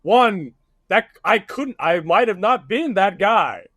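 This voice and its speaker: A man's voice: high-pitched, slow pace, no echo, studio quality. A man, a podcast guest and online creator, telling a story in casual chat and acting out the quotes. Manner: animated storytelling with voiced quotes.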